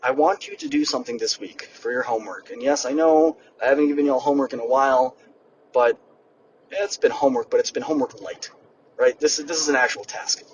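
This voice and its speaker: A young man hosting a podcast and giving a lively motivational monologue, speaking straight to his listeners. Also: medium pitch, fairly quick. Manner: energetic, addresses listeners directly. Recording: distant mic with background noise, poor audio.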